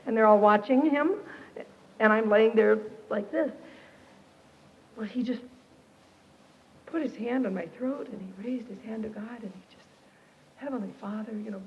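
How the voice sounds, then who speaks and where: A woman giving a personal testimony to a Christian camp audience, expressive and animated, acting out the people in her story. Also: fairly high pitch. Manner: animated, expressive, quotes herself and others. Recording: dull lo-fi archive tape, reverberant hall.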